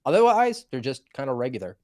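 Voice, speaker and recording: A man co-hosting a podcast, talking through politics in a brisk, analytical way as he thinks aloud. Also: medium pitch, sing-song, a little mellow. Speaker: podcast co-host. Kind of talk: casual political commentary.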